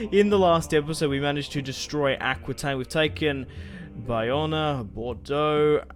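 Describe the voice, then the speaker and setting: A man's voice: a little high, a bit bright. A young man, chatting casually through a strategy game, rambling, swearing lightly and laughing at himself. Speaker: gaming YouTuber. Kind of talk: casual gameplay commentary.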